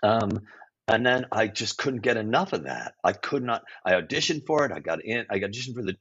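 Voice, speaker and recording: Very animated and a little fast, a man in his sixties speaks in a low, fairly bright, slightly rough voice while telling interview stories as a guest improviser and teacher. Expect frequent restarts, self-corrections, blunt asides and occasional swearing. The recording is dull and lo-fi.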